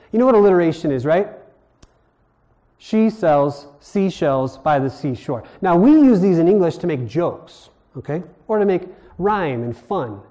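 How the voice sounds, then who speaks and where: A man's voice: a little high, warm tone. A man from Hawaii teaching a sermon in a conversational way, asking his listeners questions as he explains. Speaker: preacher.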